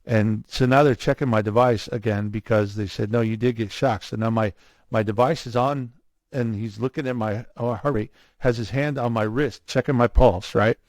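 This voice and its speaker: Gravelly man telling a lively story. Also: mid-range voice, normal speed, no room sound. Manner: animated, acts out others' lines in his story. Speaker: guest, cardiac arrest survivor. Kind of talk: storytelling in a casual interview.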